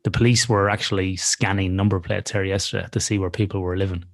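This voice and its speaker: Brief: man, low voice, loose profane storytelling for a podcast. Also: little pitch movement, fast. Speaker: podcast co-host. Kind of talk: casual storytelling chat.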